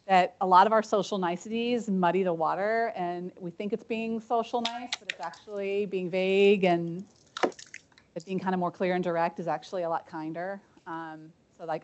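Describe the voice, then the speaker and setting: A woman giving a conference breakout talk, chatty and anecdotal, often checking in with "right?" and "um". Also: fairly low pitch. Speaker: conference presenter. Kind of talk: conference talk with audience discussion. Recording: dull lo-fi conference recording.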